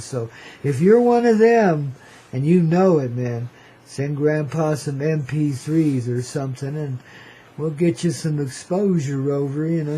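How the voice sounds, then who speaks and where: A man's voice: a little high, mellow, slight background noise, poor audio. A man hosting a radio show, rambling in a playful, slangy, cosmic way and calling listeners "baby". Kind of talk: freewheeling hippie radio monologue.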